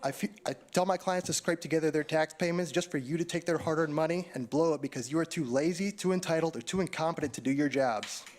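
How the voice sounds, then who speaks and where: A man's voice: fairly high pitch, quick pace, hardly any pauses, background noise. A man, a tax professional, delivering a prepared, scathing public comment that accuses the town council. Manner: scathing, accusatory, read-out speech.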